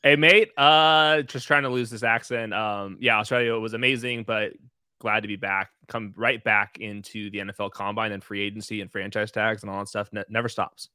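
Bright-voiced chatty young man. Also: fairly low pitch, little pitch movement, brisk, smooth, no room sound, studio quality. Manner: loose, chatty, uses lots of fillers like "like". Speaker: podcast guest analyst. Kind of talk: casual podcast analysis.

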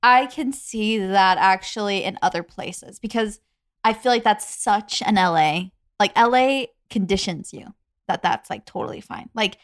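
A woman's voice: medium pitch, unhurried, no room sound. Co-host, young woman from Arizona, mid-range voice, laid-back chatter, dry close mic. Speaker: podcast co-host. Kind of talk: casual chat.

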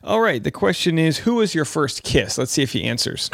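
A man's voice: fairly high pitch, sing-song, brisk, gravelly, fairly bright tone, no room sound. A man hosting a podcast, chatting casually and joking between played clips. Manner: joking, chatty, lots of asides. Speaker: podcast host.

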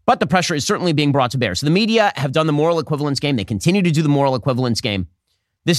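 Rapid-fire sarcastic male commentator. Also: fairly high pitch, no room sound, studio quality. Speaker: podcast host. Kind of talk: political commentary monologue.

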